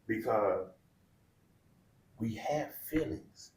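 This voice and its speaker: A middle-aged man with a lowish voice speaks candidly and with feeling, his talk colloquial and open as a podcast guest. The room gives his voice a noticeable echo. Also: animated, unhurried, darkish tone. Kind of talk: heartfelt personal storytelling. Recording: roomy echo.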